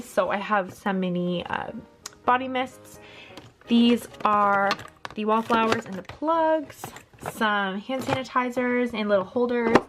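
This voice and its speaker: A woman's voice: fairly high pitch, noisy background. A young woman chatting casually to camera in a home vlog, rambling with lots of fillers. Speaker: vlogger. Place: bedroom at home.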